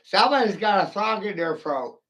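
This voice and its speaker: A man's voice: high voice, animated, normal speed, fairly bright tone, muffled recording. A man delivering a rambling, profane, mocking solo rant to the camera.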